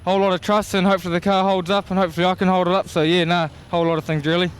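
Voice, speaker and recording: A young man with a New Zealand accent, a racing driver talking in an emotional, halting way. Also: high voice, level tone, clean tone.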